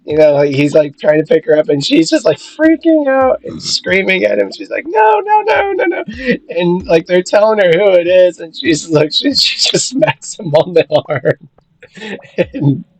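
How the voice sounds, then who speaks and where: A man co-hosting a gaming video, chatting casually and telling stories with lively acted-out quotes. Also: fairly high pitch, normal speed, no room sound, low-quality recording. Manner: lively storyteller, acts out quotes. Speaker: gaming channel co-host. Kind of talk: casual chat while playing a game.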